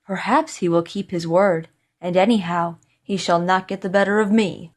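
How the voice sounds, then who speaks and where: A woman doing a calm young scholar. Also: lowish voice, normal speed, natural voice. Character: clever young male scholar, calm and sure. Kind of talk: storybook reading.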